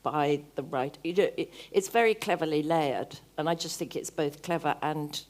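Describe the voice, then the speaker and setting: A woman's voice: sits low, moderate pace. An older woman, an actor and author, speaking at a book festival and acting out her own past thoughts with energy. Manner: lively, acts out remembered thoughts. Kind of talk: live onstage conversation. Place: book festival event stage.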